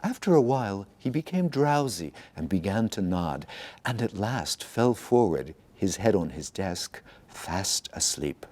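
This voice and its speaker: A man reading a fairy tale aloud, with expressive storytelling narration. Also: fairly low pitch, unhurried. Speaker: institute director reading aloud. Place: institute in Tokyo.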